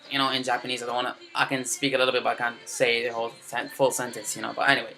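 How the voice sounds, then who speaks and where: A man's voice: medium pitch, flat delivery, fast, vocal fry, hardly any pauses, bright, forceful tone, soft background music. A young man ranting casually about an anime, swearing a lot and filling his talk with "you know" and "man". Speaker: anime fan commentator. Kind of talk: casual rant to camera.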